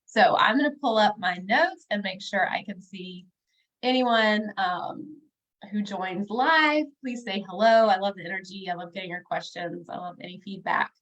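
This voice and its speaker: A woman in her thirties, a bookkeeper and business coach, talks on a livestream in a chatty, upbeat way, addressing viewers directly and using plenty of fillers. Her voice is medium-pitched, a bit bright, and at normal speed, though the audio sounds dull.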